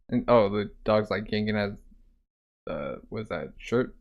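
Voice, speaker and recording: A man's voice: fairly low pitch, animated, unhurried. A man reading a manga aloud in a casual, laid-back way, with running commentary full of "like" and other fillers. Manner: laid-back, filler-heavy, keeps saying "like". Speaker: manga reader.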